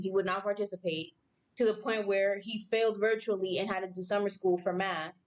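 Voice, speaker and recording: A woman in her thirties joins a podcast as a guest in casual chat. She talks frankly and vents openly, her voice at a middle pitch. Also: fairly even intonation, a little fast. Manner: frank, venting.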